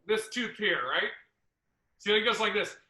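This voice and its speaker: A man hosting a podcast, telling a comedy club story in a casual, profane, animated way. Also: sits high, measured pace, echoey room, rough recording.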